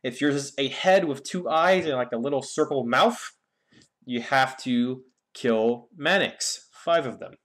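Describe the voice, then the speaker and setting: A man's voice: medium pitch, a little slow, a bit bright. A young man giving a casual, rambling game guide with many fillers and restarts. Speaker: gaming YouTuber.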